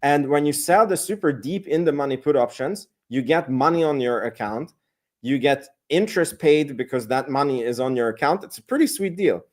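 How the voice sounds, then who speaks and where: A man's voice: medium pitch, normal speed. Rambling male stream host. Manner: rambling, reads and answers chat comments. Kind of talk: live-stream chat about options trading.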